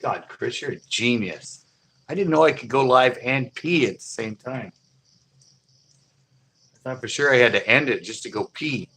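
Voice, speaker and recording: A man's voice: medium pitch, lively intonation, normal speed, pauses often, a bit bright, breathy edge. A man hosting a live stream, telling a story in a rambling, loose way with frequent laughter. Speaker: fishing channel host.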